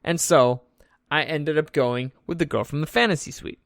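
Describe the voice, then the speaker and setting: Young guy, kinda high voice, joking around and cussing while he recaps his night, dry close sound. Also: moderate pace, creaky, a bit bright, no echo. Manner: loose and joking, swears freely. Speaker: vlog host recapping an event. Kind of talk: casual storytelling recap.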